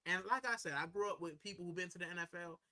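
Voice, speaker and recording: A man's voice: high-pitched, very fast, bright, forceful tone. A man hosting a live stream, chatting casually with viewers and reading their comments, talking in a loose, rambling way and saying "bro" constantly. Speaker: livestream host. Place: indoors, in a corner at home.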